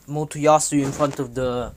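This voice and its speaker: A man's voice: on the high side, a little mellow, a little hiss or hum. Rambling casual young man storyteller. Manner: rambling, with many fillers and self-corrections. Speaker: YouTuber retelling a fan story. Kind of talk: casual spoken retelling.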